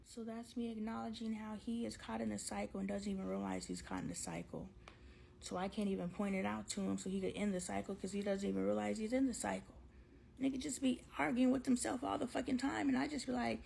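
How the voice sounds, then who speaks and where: A woman talking candidly to camera in a casual storytime vlog, slangy and animated, acting out both sides of an argument with her husband. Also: on the high side, brisk, creaky, a little hiss or hum, low-quality recording. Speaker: vlogger.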